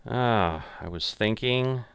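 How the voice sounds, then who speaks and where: A man's voice: lowish voice, slow, fairly bright tone, a little hiss or hum. An older man muttering casual, self-critical commentary as he plays a golf game. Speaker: gamer playing a golf simulator.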